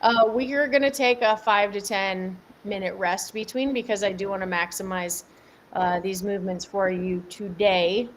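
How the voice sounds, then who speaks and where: A woman's voice: mid-range voice, fairly even intonation, moderate pace. Young female coach, upbeat and chatty, mid-range voice, talks to viewers from home, slight noise. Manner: upbeat, chatty, answers viewers by name, laughs often. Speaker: fitness coach. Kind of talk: live-stream workout instruction. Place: home workout space. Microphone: camera mic at home.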